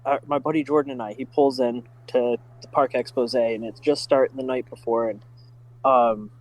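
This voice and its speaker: A middle-aged man telling stories in a casual podcast chat, full of fillers and excitement. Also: mid-range voice, moderate pace, low-quality recording. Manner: enthusiastic, many fillers like "like" and "uh". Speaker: podcast guest, driving school staff. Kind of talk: casual storytelling.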